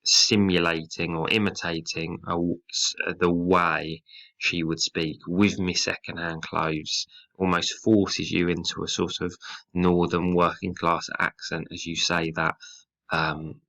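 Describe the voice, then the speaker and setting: A man teaching a recorded English lesson, explaining a poem line by line in a measured, explanatory way. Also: low-pitched, level tone, bright, forceful tone, lo-fi sound. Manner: explanatory, measured, occasionally slips into dialect when quoting.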